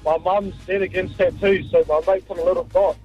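A man, calling in to a radio show and telling a story in a halting, rambling way. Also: high voice, steady tone, breathy edge, faint music behind. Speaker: caller. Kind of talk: casual phone chat. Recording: muffled phone line.

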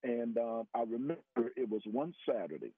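Male radio guest telling his testimony: husky, earnest, dry close sound. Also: very animated, normal speed, no room sound. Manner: earnest storytelling, rises in pitch for emphasis. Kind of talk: personal testimony. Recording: tinny phone-line radio audio.

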